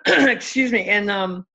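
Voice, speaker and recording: A woman's voice: mid-range voice, gravelly, slightly rough, highs cut off. A woman relationship coach in a casual interview, telling stories and acting out what her clients said. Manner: animated, acts out quotes of clients.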